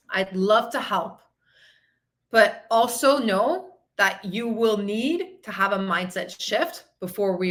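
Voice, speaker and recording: An upbeat woman hosts a live motivational session as a fitness and mindset coach. Her voice is bright and forward, sitting a touch high. She chats freely with viewers and reads their comments aloud as she goes. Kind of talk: live-streamed motivational talk.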